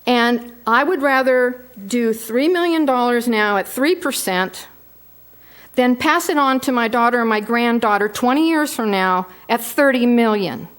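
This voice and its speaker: Woman, 60s, board member, slightly high voice, firm and emphatic persuasive delivery. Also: expressive, measured pace. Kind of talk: formal statement at a public meeting.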